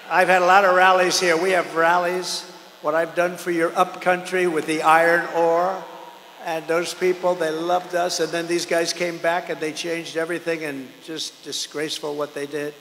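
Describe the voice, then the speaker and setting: A man's voice: little pitch movement, moderate pace, a little hiss or hum. Older man speaking at an echoey rally. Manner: rambling, repetitive, swings between loud declarations and low asides. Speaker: political candidate at a rally. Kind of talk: campaign rally speech. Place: large outdoor or arena rally. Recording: echoey hall with long reverb.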